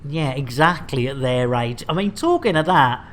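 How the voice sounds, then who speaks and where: A man chatting as he streams a game, rambling and jokey. He talks at an ordinary middle pitch and laughs often between lines. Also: lively intonation, moderate pace, a bit bright, slight background noise. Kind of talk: casual game stream banter.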